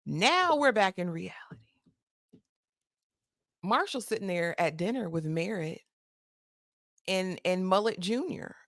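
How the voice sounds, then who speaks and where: A woman's voice: on the low side, lively intonation, measured pace, pauses often, no room sound, clean studio sound. A woman recapping a TV episode in a sassy, chatty way with slangy asides. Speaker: TV recap host.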